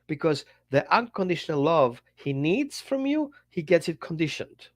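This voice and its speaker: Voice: medium pitch, sing-song, normal speed, hardly any pauses. A dog trainer talking bluntly on a podcast, acting out little dialogues. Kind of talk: podcast monologue.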